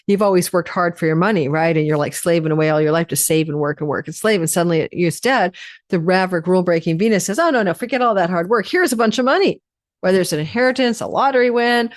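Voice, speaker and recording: Chatty woman astrologer, lower pitch, dry close sound, rambles off topic. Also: no echo. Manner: chatty, rambling, digressive with laughs. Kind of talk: casual astrology forecast.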